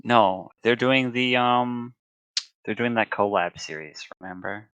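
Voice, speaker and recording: A man co-hosting a casual podcast, talking in a dry, hesitant way with many pauses. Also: medium pitch, fairly bright tone, smooth, no echo, lo-fi sound. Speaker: podcast co-host.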